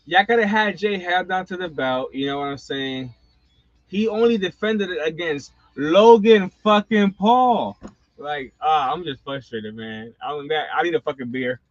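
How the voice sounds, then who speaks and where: A man's voice: fairly high pitch, a little slow, no echo. A middle-aged man hosting a wrestling channel, ranting casually and profanely with lots of slang asides. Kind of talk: casual live-stream rant. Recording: dull lo-fi sound.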